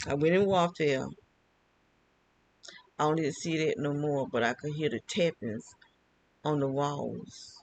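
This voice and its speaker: A man's voice: medium pitch, slight background noise, low-quality recording. Older man rambling in a monologue. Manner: rambling, repeats phrases, restarts. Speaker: vlogger. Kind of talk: casual monologue.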